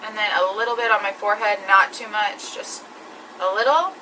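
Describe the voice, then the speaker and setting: Bright-voiced woman chatting through makeup. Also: mid-range voice, brisk, recorded from a distance, slight background noise, rough recording. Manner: chatty, explains each step. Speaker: beauty vlogger. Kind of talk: makeup tutorial.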